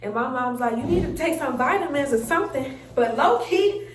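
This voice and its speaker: A young woman, telling a story in an animated, chatty way and acting out her own reactions. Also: high-pitched, a little fast, noisy background. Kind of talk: casual storytime chat. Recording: roomy sound, mic a bit far off.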